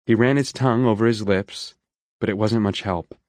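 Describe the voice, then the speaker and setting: A man reading an audiobook in a measured, steady storytelling manner on a close studio mic. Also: on the low side, dry recording. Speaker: audiobook narrator. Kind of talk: scripted narration.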